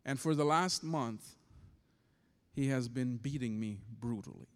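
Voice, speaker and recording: A man's voice: mid-range voice, measured pace, in a large hall. A man preaching as pastor, telling a story with passion and acting out the voices in it.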